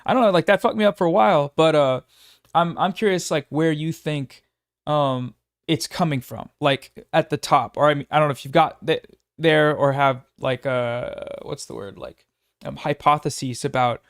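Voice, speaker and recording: A young man, a guest in a casual chat, speaking haltingly with many fillers and restarts. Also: a little high, dry recording, clean studio sound. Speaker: guest YouTuber.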